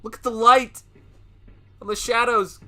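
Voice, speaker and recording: Bright-voiced man gushing over a film. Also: very high voice, fairly even intonation, measured pace, a little hiss or hum. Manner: gushing, enthusiastic asides. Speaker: live stream host. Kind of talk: watch-party commentary.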